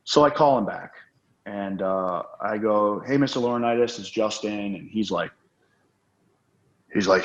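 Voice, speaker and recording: A man's voice: lowish voice, measured pace, long pauses. A man telling rambling, profane anecdotes as a guest in a casual interview. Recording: roomy, dull lo-fi sound.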